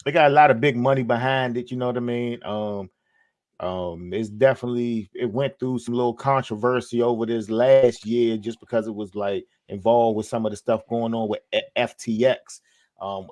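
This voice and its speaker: A man talking in a laid-back, halting way in a casual chat. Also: on the low side, fairly even intonation, a little mellow, no room sound, studio quality. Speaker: podcast co-host.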